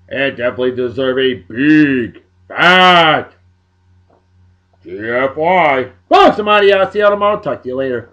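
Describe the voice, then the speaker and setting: A man's voice: mid-range voice, expressive, moderate pace, sharp tone, lo-fi sound. A man hosting a daily show, running through historical dates in casual commentary, joking with playful emphasis. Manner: jokey, wisecracking asides with playful emphasis. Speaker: host of a daily beer and song show.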